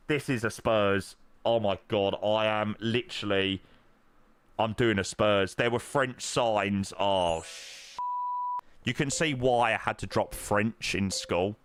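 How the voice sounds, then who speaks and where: A man chatting casually to his live-stream viewers as he plays, thanking supporters and reacting loudly to his own guesses. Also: on the low side, slow, slight background noise. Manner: excitable, swings between muttering and loud outbursts. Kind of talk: casual live-stream chat while playing.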